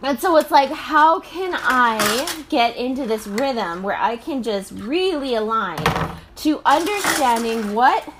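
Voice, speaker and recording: Brief: mother in her thirties, casual reflective talk, very lively high voice that jumps around. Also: slow, noisy background. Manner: animated and chatty, full of filler and laughter.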